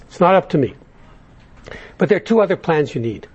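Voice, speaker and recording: A man with a husky, slightly raised voice leads a recovery workshop in front of a large audience. He talks bluntly and conversationally, often restarting his sentences as he lays out the plan. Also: a little high, lively intonation, brisk, darkish tone, lo-fi sound. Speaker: workshop speaker. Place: large meeting room.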